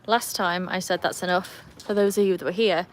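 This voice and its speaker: A woman's voice: lowish voice, steady tone, fairly quick, slight background noise. English woman, live host, poolside on a phone; chatty, teasing her dogs, faint rain behind. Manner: chatty, greets viewers and scolds her dogs playfully. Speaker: livestream host. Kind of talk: casual live chat. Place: outdoors beside a backyard pool in the rain. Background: faint rain and outdoor ambience.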